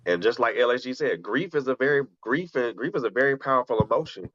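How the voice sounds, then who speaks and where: A man who's a radio show host and poet speaks earnestly on his talk show, often restarting phrases as he reflects, before moving into spoken-word poetry. His medium-pitched voice is expressive, quick and a bit bright, on a dry, lo-fi recording.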